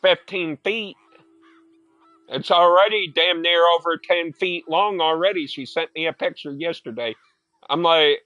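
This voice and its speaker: A young man chatting while he plays a game. His voice sits a touch high, and he rambles through profane stories full of filler words. The sound is close and dry, with no room echo. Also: a little slow, sharp tone, highs cut off. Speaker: gaming streamer. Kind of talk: casual chat while gaming.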